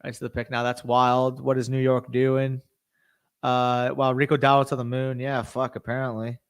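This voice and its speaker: A man's voice: mid-range voice, monotone, moderate pace, smooth. A young man hosting a casual live stream, reacting to events and talking to his chat. He swears freely and gets worked up. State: tired, hiccuping.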